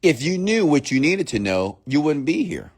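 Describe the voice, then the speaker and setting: A man's voice: on the high side, big pitch swings, moderate pace, breathy edge. A young man hosting a motivational podcast, speaking in an emphatic, preachy way and repeating his key points for effect. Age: young adult. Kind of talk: motivational monologue.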